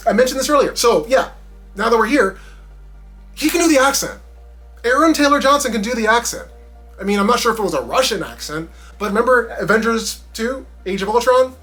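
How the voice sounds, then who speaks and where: A man with a slightly high voice gives a casual, talky movie review. He is animated, punching up his points and then dropping into muttered asides, while faint music plays underneath.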